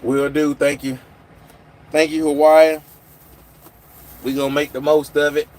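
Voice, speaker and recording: A man's voice: on the high side, little pitch movement, measured pace, a little mellow. A man hosting a casual livestream from his phone, rambling and answering viewers' comments. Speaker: livestream host. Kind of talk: casual live chat with viewers.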